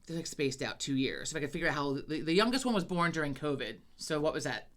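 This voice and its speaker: A woman co-hosting a podcast, telling a story in casual chat, animated and swearing freely. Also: sits low, quick pace. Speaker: podcast co-host.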